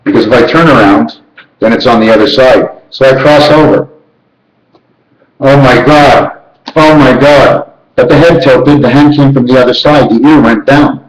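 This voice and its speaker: A man's voice: fairly even intonation, moderate pace, echoey room, poor audio. A man in a rambling monologue, chanting numbers and letters and jumping between ideas. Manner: rambling, rhythmic counting and chanting, sudden jumps in pitch.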